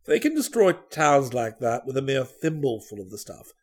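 A man reading aloud, voicing a worried older male spy chief with crisp, formal replies. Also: mid-range voice, sing-song, normal speed, voice pushed up. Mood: grave.

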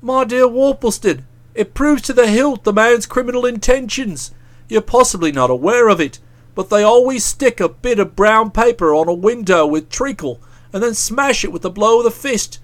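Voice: medium pitch, expressive, moderate pace, close to an everyday voice. A reader voicing a self-satisfied young man who talks in a breezy, pompous way. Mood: smug, breezy. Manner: breezy, pompous, pleased with himself. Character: self-satisfied young male writer, jaunty.

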